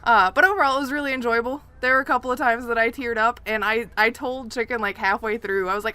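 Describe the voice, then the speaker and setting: Bright, animated woman podcast host. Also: on the high side, fast talker, few pauses, smooth. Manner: animated, expressive, talks in long runs. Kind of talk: casual gaming podcast chat.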